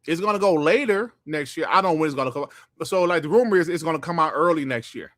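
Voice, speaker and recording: An older man hosting a casual gaming podcast, reading the live chat and trash-talking with loud, profane banter and frequent laughter. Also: a little high, animated, quick pace, no room sound, clean studio sound.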